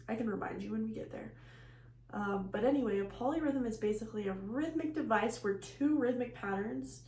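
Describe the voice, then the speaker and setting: A woman's voice: medium pitch, mellow. A woman giving a recorded music lecture, explaining rhythm terms plainly and counting beats aloud. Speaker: music teacher. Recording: echoey room with faint hum.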